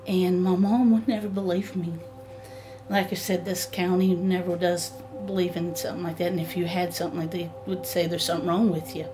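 A middle-aged woman telling a personal story in a halting way, full of fillers and restarts. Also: fairly low pitch, level tone, over music. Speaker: homeowner telling her story. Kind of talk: emotional personal account.

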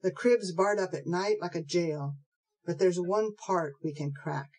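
A woman voicing a gruff, surly male housebreaker who talks bluntly in rough slang, in a storybook reading. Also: fairly low pitch, a little slow, a little mellow, low-quality recording.

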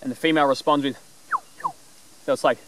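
A man's voice: mid-range voice, steady tone, fairly quick, heavy background noise. A man explaining animal calls in a loose, rambling way, breaking now and then into bird imitations. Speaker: presenter teaching animal call mimicry. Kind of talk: casual explanatory talk.

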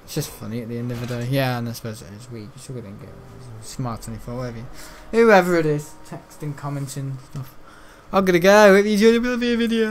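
A rambling man chatting through a gameplay session, his voice sitting a little high. He swears casually and loses his train of thought. A faint hiss of background noise sits under the recording. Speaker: gaming channel host.

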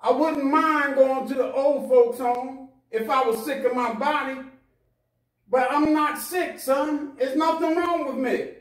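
A man's voice: very high voice, a little slow, a bit bright, heavy reverb, recorded from a distance, voice pushed up, poor audio. A man preaching acts out a tearful old mother who pleads with her son. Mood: pleading. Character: tearful old mother, gentle but firm.

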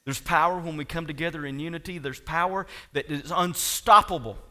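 A male pastor preaching a sermon, swinging between quiet asides and loud, impassioned lines and talking directly to his congregation. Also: on the high side, fairly quick.

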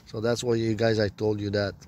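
A man's voice: lowish voice, background noise. A man telling a rambling personal story, profane and meandering, with broken grammar. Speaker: self-described prophet.

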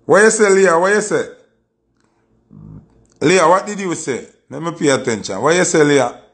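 A Jamaican man hosting a music review livestream, his voice slightly high for a man and full of gravelly fry. He talks in a boastful, emphatic way and keeps hammering the same point home. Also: moderate pace. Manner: boastful, emphatic, repeats himself.

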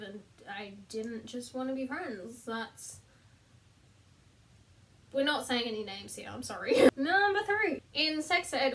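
A woman's voice: on the high side, far from the mic, a little hiss or hum. A young woman chatting casually to camera from her bedroom floor, self-deprecating and laughing at herself. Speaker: vlogger. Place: bedroom, sitting on the floor between two beds.

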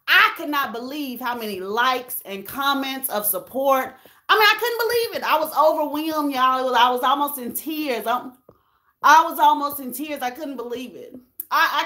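A woman's voice: high-pitched, pushed and bright. A woman vlogging about her own life, earnest and emotional, repeating herself and talking straight to her viewers. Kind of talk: emotional personal vlog talk.

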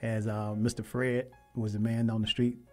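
A man hosting a radio talk show, telling a story with lively, emphatic quoted dialogue. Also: mid-range voice, moderate pace, soft background music. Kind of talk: casual storytelling and interview.

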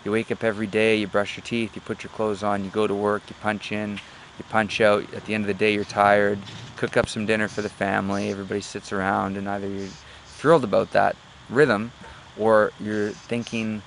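A motivational speaker with a lowish, gravelly voice delivers his talk in a monotone, often pausing with fillers while he hunts for words. He makes his points through jokes and stories, over a faint background hum.

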